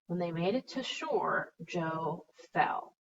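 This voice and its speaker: A woman's voice: lowish voice, lively intonation, takes it slowly, gravelly, lo-fi sound, background noise. A woman teacher walking a class through revising a story, reading drafts aloud, spelling words out letter by letter and chatting playfully as she goes.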